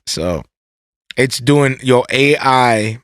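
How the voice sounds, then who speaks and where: A young man co-hosts a relaxed podcast chat, laughing often and restarting his sentences. His voice swings widely in pitch and has a bright, forceful edge. The sound is dry and close, with no room echo. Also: drawn-out words, smooth. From Puerto Rico. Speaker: podcast co-host. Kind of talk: casual chat.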